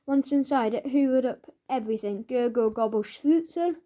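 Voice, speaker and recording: A woman's voice: fairly high pitch, normal speed, dull audio. A woman narrating a children's audiobook in a playful way, reading sound effects aloud.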